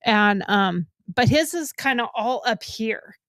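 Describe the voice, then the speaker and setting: Woman podcast co-host, middle-aged, casual storyteller who laughs a lot; fairly high voice, dry close sound. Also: takes it slowly, no room sound. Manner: laughs often while telling stories, animated. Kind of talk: casual chat.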